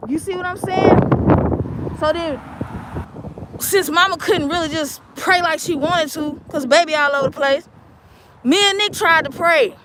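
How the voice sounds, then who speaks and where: A woman vlogging outdoors on a city street while waiting for a bus, telling a story in an animated, emphatic, colloquial way. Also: very high voice, measured pace, long pauses, background noise. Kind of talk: casual storytelling vlog.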